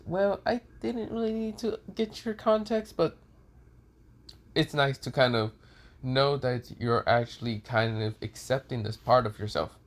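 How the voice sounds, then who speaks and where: Dude doing a strict young woman, scolding, fed up, voice nudged a bit higher. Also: a little slow, natural voice. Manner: scolding, exasperated. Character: stern young Korean woman, exasperated.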